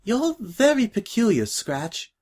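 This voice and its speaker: A man's voice: on the high side, big pitch swings, a little slow, breathy edge, pitched above the performer's own voice, full character voice. A man voicing a timid, prim young filly who speaks politely and formally, hesitant and tearful.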